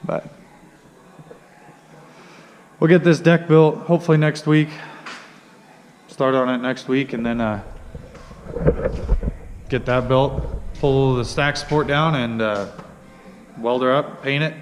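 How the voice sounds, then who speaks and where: A man's voice: medium pitch, a little slow, long pauses, slight background noise. Easygoing man rambling in a reverberant shop. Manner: rambling, many fillers and restarts. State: hiccuping. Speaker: vlogger building a truck. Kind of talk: casual shop walkthrough. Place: workshop.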